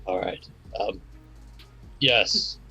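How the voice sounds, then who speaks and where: Slow, husky-voiced man. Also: on the low side, bright, forceful tone, faint music behind, rough recording. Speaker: player. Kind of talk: casual tabletop play.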